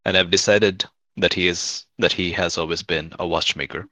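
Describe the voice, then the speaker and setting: A man role-playing his character in a tabletop game, speaking in a quiet, earnest way. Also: deep voice, fairly even intonation, normal speed, no room sound. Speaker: player.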